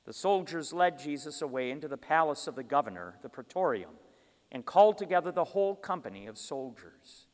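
A man reads scripture aloud at a steady, measured pace, his voice sitting a little high with lively rises and falls. A long reverb hangs around him, as in a large hall. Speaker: scripture reader. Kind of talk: Bible reading.

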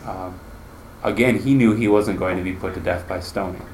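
A man's voice: deep voice, moderate pace, darkish tone, a little hiss or hum. A man teaching a Bible class in a conversational way, asking his listeners questions as he explains.

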